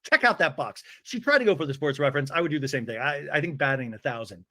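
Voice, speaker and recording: A male podcast host giving a comedic reality TV recap, animated and jokey, acting out the lines he quotes. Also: a little high, quick pace.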